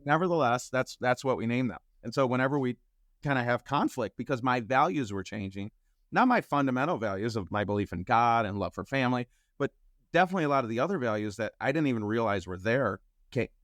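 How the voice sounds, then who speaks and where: A man telling a personal story as a podcast guest, acting out the quoted dialogue with lively shifts in voice. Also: medium pitch, fast, no room sound. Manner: animated storyteller who acts out quoted dialogue.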